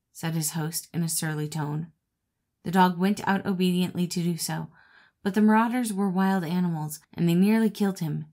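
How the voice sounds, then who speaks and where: A woman narrating a classic fable as an audiobook reader, in a steady, expressive reading voice. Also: on the low side. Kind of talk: storybook narration.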